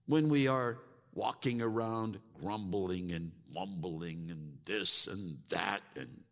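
Gravelly preacher in a reverberant hall. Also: male voice, low-pitched, slow pace, few pauses, fairly bright tone. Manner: repeats words, mimics grumbling churchgoers. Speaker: pastor. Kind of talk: sermon.

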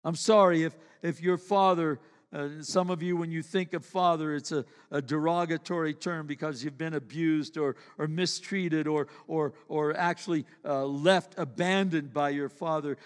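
A man's voice: on the high side, steady tone, moderate pace, clean tone, in a large hall. A male pastor preaching a sermon earnestly, often repeating his words and acting out short exchanges.

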